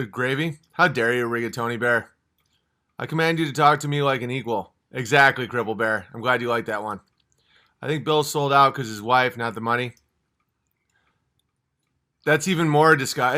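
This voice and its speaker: A man's voice: mid-range voice, bright, forceful tone. A man from upstate New York hosting a livestream, ranting in a fired-up, profane and blunt way. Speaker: livestream host. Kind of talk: casual livestream rant.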